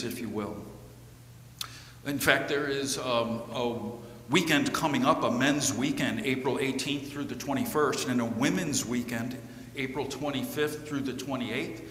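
A man delivers a sermon at an unhurried pace in a measured way, pausing now and then on small fillers. His voice sits at a middle pitch. The recording carries the long, echoing reverb of a church sanctuary with a faint hum underneath. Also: fairly bright tone. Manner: slow, measured preaching with occasional fillers. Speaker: preacher.

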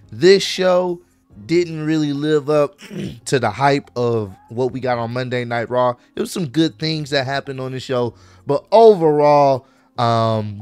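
Male wrestling vlogger, casual and animated, clear smooth voice, dry close mic. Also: mid-range voice, dry recording. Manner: animated, acts out wrestler quotes. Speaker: wrestling commentary youtuber. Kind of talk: casual recap vlog.

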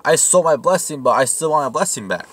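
A man's voice: on the high side, animated, brisk, a bit bright, a little hiss or hum, pitched above the performer's own voice. A man voicing a petulant grown son who begs his father for a blessing, in a casual Bible-study retelling. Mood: whining.

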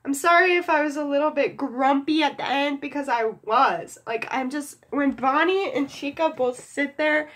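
A woman's voice: high voice, moderate pace, few pauses, a bit bright, rough recording. A woman gaming YouTuber doing let's play commentary, dramatic and exasperated, talking to her viewers. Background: video game music.

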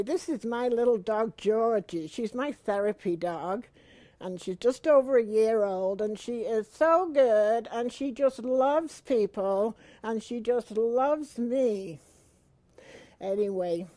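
A woman in her seventies hosting a comedy segment, telling a homey story in a chatty way that climbs to shouts when she acts it out. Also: fairly high pitch, no echo. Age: 70s. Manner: slow, chatty, rising to shouted retellings. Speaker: comedy show host. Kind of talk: comic storytelling to camera.

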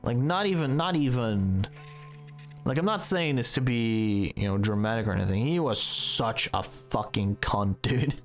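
A man's voice: mid-range voice, animated, measured pace. Young guy gaming and ranting, swears constantly, rambling, faint music behind. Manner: profane, rambling storytelling. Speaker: gaming streamer. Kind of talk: casual gameplay commentary.

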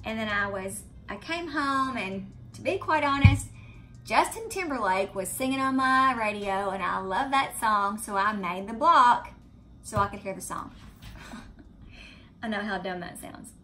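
A middle-aged woman with a Southern US accent telling a story to her viewers in a chatty, animated way. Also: mid-range voice, a little slow, soft background music. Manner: chatty, animated retelling of a scary event. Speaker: vlogger. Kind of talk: casual storytelling to camera. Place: home, indoors.

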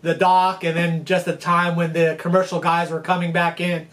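A man's voice: fairly high pitch, little pitch movement, normal speed, fairly bright tone. A man hosting a fishing channel, telling history as a casual, rambling lesson and checking in with his listeners. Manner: chatty, rambling, checks in with "okay?". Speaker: fishing guide and channel host.

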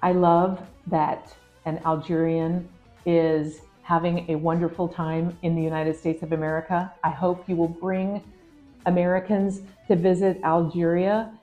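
A woman's voice: fairly low pitch, flat delivery, a little slow, phone-quality sound, soft background music. A woman diplomat interviewing a guest in an upbeat, welcoming way. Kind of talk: scripted friendly interview.

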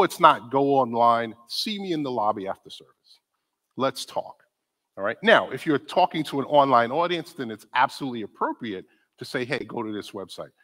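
A man giving a conference talk on church ministry, conversational and animated, often asking the audience questions. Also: mid-range voice. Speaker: conference speaker on disability ministry. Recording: long hall reverb.

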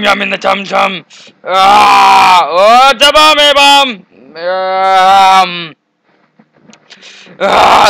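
A man playing a video game and commenting, excitable, often shouting and taunting the enemies on screen. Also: high voice, gravelly, noisy background. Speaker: gamer. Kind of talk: let's play commentary.

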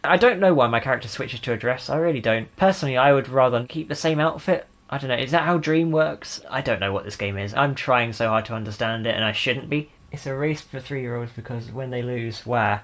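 A man's voice: medium pitch, fairly quick, few pauses, a bit bright. A man giving sarcastic, jokey commentary while playing a video game, talking to himself and his viewers. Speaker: gaming YouTuber. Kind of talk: casual gameplay commentary.

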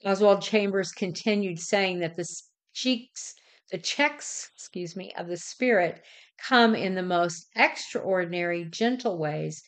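A middle-aged woman hosting a devotional, reading in a measured, deliberate way and sometimes correcting herself. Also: lowish voice. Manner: measured, deliberate delivery with occasional self-corrections. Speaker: devotional host.

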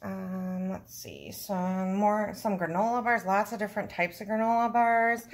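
A middle-aged woman vlogging casually, excitable and gushing, often giggling, first from a car at night, then at a table indoors. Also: mid-range voice, a little slow. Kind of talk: casual vlog chat.

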